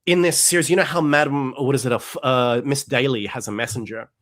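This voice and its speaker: A fast-talking man with a medium-pitched voice hosts a podcast in casual chat, energetic and animated. He slips into little voices to act out quoted characters and often restarts his sentences.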